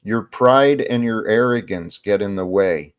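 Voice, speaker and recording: A man hosting a casual online chat, speaking in a measured, scolding way. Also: on the low side, clean tone. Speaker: host.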